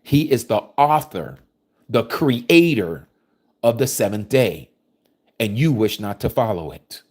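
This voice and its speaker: A man delivers a scripture-study sermon in a preachy, emphatic way. His voice sits in a middle pitch and swings widely up and down as he drives his points home. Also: lively intonation, slow pace. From United States. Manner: emphatic, preachy, reading verses aloud and commenting on them.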